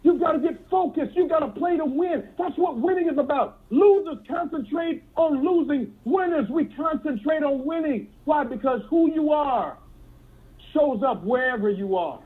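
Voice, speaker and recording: A man giving a fiery motivational speech as a network marketing trainer, emphatic and repetitive, building up to shouts. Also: very high-pitched, expressive, moderate pace, narrow, tinny audio.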